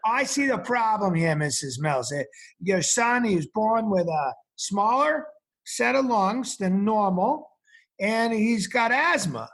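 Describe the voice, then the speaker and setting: A man voicing a gruff older male doctor with a Boston accent, matter-of-fact and stern. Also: high-pitched, animated, slow pace, a bit bright, voice pushed up, exaggerated voice. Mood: grave.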